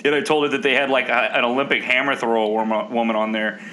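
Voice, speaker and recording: A man's voice: medium pitch, flat delivery, fast, sharp tone, slight background noise, poor audio. A man co-hosting a podcast, joking and rambling in casual chat, often laughing. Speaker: podcast co-host.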